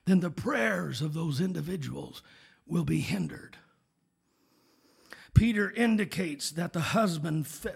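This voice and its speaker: High husky preacher guy, bright edgy tone, shouts then goes almost whispery, keeps calling out to the crowd. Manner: swings from shouted exhortation to hushed, near-whispered asides; punctuates with call-outs to the congregation. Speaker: pastor. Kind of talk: sermon.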